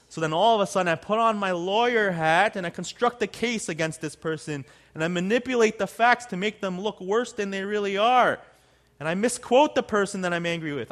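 A man's voice: sits high, lively intonation, brisk, fairly bright tone. A man preaching a sermon as pastor in a casual, conversational way. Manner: conversational, acts out quotes in other voices.

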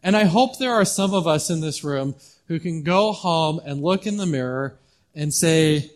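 A male pastor preaches in a church hall, his voice slightly higher than the usual male range. He keeps it conversational and loose, doubling back on words as he restarts. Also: expressive, normal speed. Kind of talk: sermon.

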